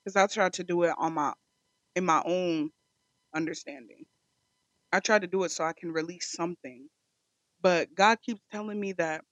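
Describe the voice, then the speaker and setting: A woman's voice: lowish voice, moderate pace, long pauses, no echo, rough recording. A woman hosting a devotional podcast, speaking in a fervent, repetitive prayer cadence. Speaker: podcast host.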